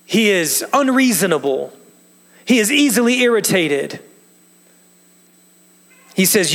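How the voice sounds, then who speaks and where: A man's voice: high voice, moderate pace, fairly bright tone. A man preaching a sermon as pastor, earnest and emphatic, asking the congregation questions as he explains a passage. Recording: long reverb of a large hall.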